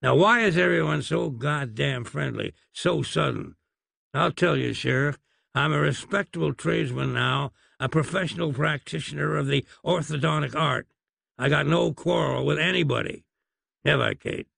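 Man voicing a wry drawling Western gunslinger dentist, raised pitch and gravelly texture, audiobook read. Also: a bit bright, no echo, full character voice. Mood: sardonic. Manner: wry, unhurried and folksy.

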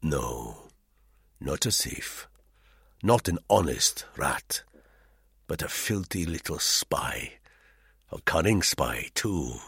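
A man's voice: extremely low pitch, sing-song, slow, long pauses, slightly rough, no room sound, studio quality, pitched below the performer's own voice, exaggerated voice. A man reading the part of a cold, sardonic, menacing middle-aged spy in an audiobook, with an icy, contemptuous manner. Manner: icy and acid, softly contemptuous.

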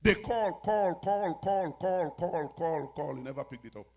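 Husky preacher, soaring pitch. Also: male voice, lively intonation, a little slow. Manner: swings between hushed storytelling and shouted exhortation. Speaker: pastor. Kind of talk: sermon.

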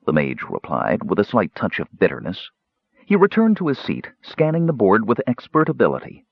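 Lively husky male audiobook narrator. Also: lowish voice, normal speed, no echo, dull audio. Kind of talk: scripted fantasy narration.

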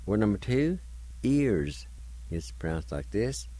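Low-voiced radio host guy, super slow and careful, spells out every word letter by letter. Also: very animated, warm tone, no echo, rough recording. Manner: deliberate, repeats each word and spells it letter by letter. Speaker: radio host teaching vocabulary. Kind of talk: slow spelled-out language lesson.

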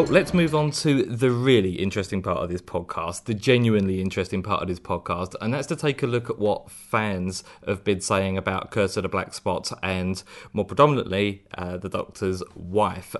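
A man hosts a podcast in a measured, wry tone and brings in listener feedback. His voice is fairly low and steady. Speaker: podcast host. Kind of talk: casual podcast chat.

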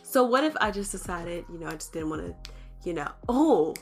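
A woman's voice: lowish voice, lively intonation, fairly quick, soft background music. A young adult woman co-hosting a casual podcast with her partner, chatty and teasing. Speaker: podcast co-host. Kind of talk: casual couple podcast chat.

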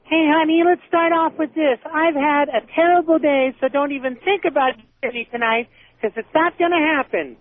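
A male caller voicing a tired, dismissive wife in a curt falsetto. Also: normal speed. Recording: tinny phone line.

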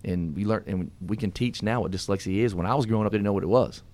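A man's voice: on the low side, fast, darkish tone. A middle-aged man hosting a radio talk show, telling personal stories in a folksy way with laughs. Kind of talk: casual storytelling talk. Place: radio studio.

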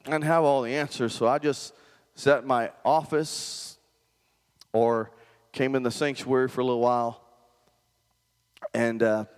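A man's voice: medium pitch, fairly even intonation, unhurried, long pauses, smooth, long reverb tail. A male pastor preaching a conversational sermon and often asking the congregation questions.

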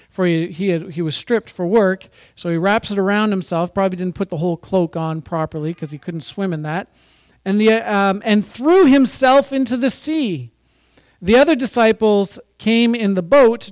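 A man's voice: high voice, no echo. A man giving an informal Bible teaching, reading scripture with chatty, jokey asides. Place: church or fellowship hall.

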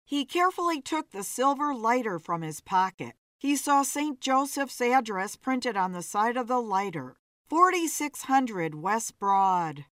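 A woman reading a noir story aloud with expressive, measured narration. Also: on the high side, no room sound, clean studio sound.

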